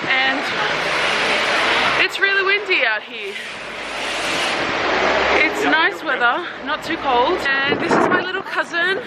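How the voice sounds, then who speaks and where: A woman with a slightly high voice talks casually to her camera, calling her viewers "guys" as she travels. Loud noise from her surroundings sits under her voice. She sounds chatty and open. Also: animated, slow pace, long pauses. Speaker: vlogger. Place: travelling through airport and outdoors. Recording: noisy background.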